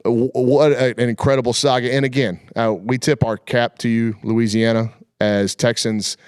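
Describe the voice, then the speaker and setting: A man hosts a casual sports talk show, spinning his points in a folksy, colloquial way. His voice sits at an ordinary middle pitch. The sound is dry and close, with no room around it. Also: little pitch movement, normal speed, smooth, no echo. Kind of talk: casual chat.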